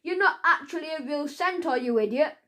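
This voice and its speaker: A woman's voice: high voice, a little fast, bright, forceful tone. A woman voicing a greedy, nasty old man in a children's audiobook, gloating and coarse. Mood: roaring. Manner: gloating, roaring and laughing, coarse ungrammatical speech. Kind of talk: storybook character voice.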